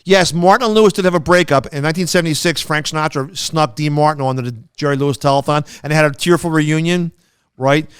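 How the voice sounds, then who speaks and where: A man co-hosting a podcast tells rambling stories, restarting sentences and slipping into quoted voices. His voice is smooth and resonant, pitched a little high. The sound is close and dry, with no room around it. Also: fast talker, no echo. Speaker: podcast co-host. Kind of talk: casual storytelling chat.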